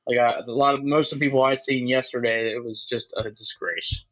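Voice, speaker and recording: A man's voice: mid-range voice, fairly even intonation, brisk, fairly bright tone. A man in casual chat who rambles along with lots of filler words. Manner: rambling, lots of "like" and "you know". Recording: lo-fi dull sound.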